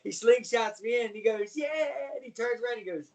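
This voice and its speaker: Middle-aged ex-wrestler guest from Baltimore, slangy storyteller with a high voice, sitting back from the mic. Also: male voice, fast, far from the mic, poor audio. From Baltimore, USA. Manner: animated storyteller, slangy, says "man" a lot. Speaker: podcast guest, former wrestler. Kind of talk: casual storytelling interview.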